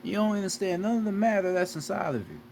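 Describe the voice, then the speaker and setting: A man's voice: high voice, expressive, fast, gravelly, darkish tone, a little hiss or hum. A man giving a profane, repetitive spiritual lecture straight to his viewers as a video creator. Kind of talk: preachy lecture to camera.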